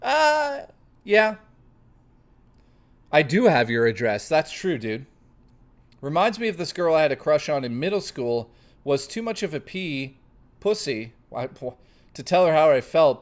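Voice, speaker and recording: A man's voice: on the high side, very animated, measured pace, pauses often. A man hosting a live stream, chatting casually with viewers, swearing freely and reading the chat aloud. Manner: profane, playful, reads chat aloud.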